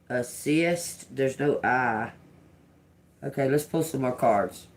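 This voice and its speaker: A man hosting a live psychic reading, slowly and haltingly repeating single words aloud as he interprets them. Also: medium pitch, animated, fairly bright tone. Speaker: livestream psychic reader. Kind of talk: live spirit-box and card reading.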